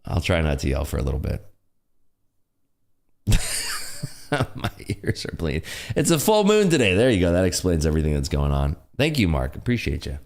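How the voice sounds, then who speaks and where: Male livestream host, deep voice that swings up and down a lot, loose jokey chatter, frequent laughter. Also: huge pitch swings, moderate pace, gravelly, long pauses, a little mellow. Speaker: day-trading livestream host. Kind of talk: live trading commentary chat. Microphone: desk computer streaming setup.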